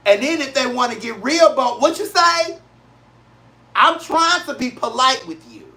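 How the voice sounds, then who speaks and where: A man's voice: very high-pitched, sharp tone. Blunt, emphatic man ranting. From St. Louis, Missouri, USA. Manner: emphatic, repetitive, blunt and profane. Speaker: show host. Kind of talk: casual solo talk-show rant.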